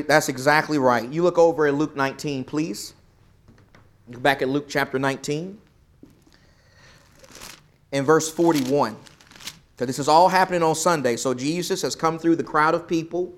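A man with a somewhat high voice teaches a Bible class, stopping often to put questions to the group. He pushes key words out loud, then drops almost to a murmur to let a point land. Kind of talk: interactive Bible study lesson.

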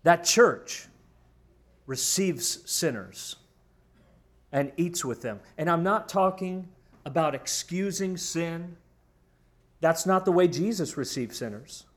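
A man's voice: a little high, lively intonation, measured pace. A man preaching a sermon in an emphatic, storytelling way, addressing his congregation. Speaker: pastor.

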